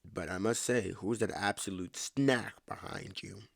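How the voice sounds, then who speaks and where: A man's voice: deep voice, measured pace, gravelly, a bit bright, slightly rough, no room sound, clean studio sound, exaggerated voice. A man voicing a smarmy, creepy young neckbeard who talks in a mocking, feminine put-on accent.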